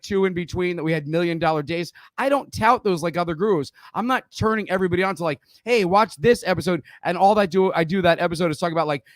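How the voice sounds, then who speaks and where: A man's voice: high voice, no echo. A middle-aged man teaching trading in a casual spoken lesson, blunt and profane, often checking in with "okay?". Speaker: trading educator.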